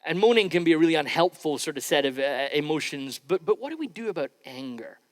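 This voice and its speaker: Man, pastor, relaxed conversational sermon delivery, high voice, long church-hall reverb. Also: fast talker. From Scotland. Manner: conversational, informal preaching with frequent restarts. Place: church sanctuary.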